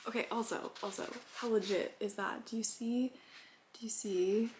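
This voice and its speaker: A woman's voice: a little high, steady tone, normal speed, a little mellow, a little hiss or hum. A young woman chatting casually in a vlog, giddy and self-conscious, laughing often and trailing off. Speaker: writing vlogger.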